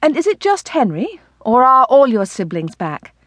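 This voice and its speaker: A woman voicing an eager, delighted young married woman in an audiobook who rushes on as she talks. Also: a little high, very animated, a bit bright, dry recording, voice pushed up. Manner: eager, rushing on.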